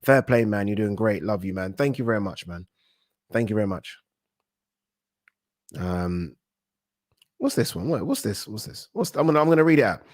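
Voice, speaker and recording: A British man hosting a casual boxing livestream, chatting excitably, swearing casually and reading out viewer messages. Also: fairly low pitch, moderate pace, pauses often, dry recording, studio quality.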